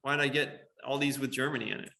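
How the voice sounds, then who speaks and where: A man teaches a computer science class, talking through a live coding demo. His voice is bright and sits at an average pitch. He explains step by step, with many fillers and quick checks with the students. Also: fairly even intonation, vocal fry. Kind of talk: classroom lesson on screen.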